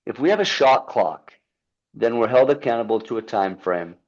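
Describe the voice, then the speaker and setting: A filmmaker appears as a podcast guest, speaking earnestly and emphatically about a film he made and about holding yourself accountable, in the style of a motivational talk. His voice is medium in pitch, a little mellow, with lively intonation and a normal speed. The audio sounds dull.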